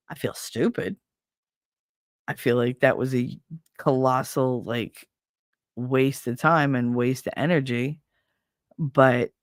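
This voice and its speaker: A woman's voice: low-pitched, dry recording, clean studio sound. A woman hosting a casual talk show, telling personal stories bluntly with lots of swearing and acting out what other people said. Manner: blunt and profane, acts out quoted people. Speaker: podcast host. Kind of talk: casual storytelling chat.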